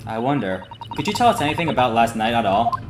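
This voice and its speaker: A man voicing an earnest young male law student who asks polite questions, in an echoey room with steady noise. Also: mid-range voice, fast talker, natural voice. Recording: roomy echo with steady noise.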